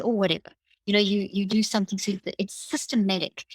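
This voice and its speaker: A woman's voice: medium pitch, fairly even intonation, fast, no room sound, rough recording. A woman, a neuroscientist guest in an interview, explaining at length and acting out inner self-talk in quoted lines.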